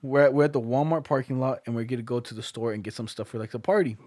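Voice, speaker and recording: A man's voice: medium pitch, fast, a little mellow, no echo, studio quality. A young man telling a story in a loose, laid-back way, swearing often and laughing as he goes. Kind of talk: casual chat.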